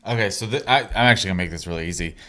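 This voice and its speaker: A man's voice: low-pitched, very fast, pushed and bright. A man on a gaming podcast, giving his picks in a blunt, matter-of-fact way. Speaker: podcast panelist. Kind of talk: casual gaming podcast chat.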